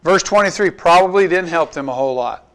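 A pastor preaching a conversational sermon, asking his listeners rhetorical questions and slowing down to stress key points. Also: on the high side, fairly bright tone, clear, resonant tone. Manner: asks the congregation rhetorical questions, slows down for emphasis.

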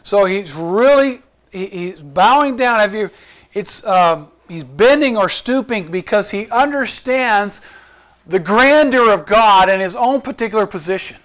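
High-voiced man preaching earnestly. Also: expressive, a little slow, fairly bright tone. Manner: earnest, conversational preaching with restarts and audience questions. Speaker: pastor. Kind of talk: sermon.

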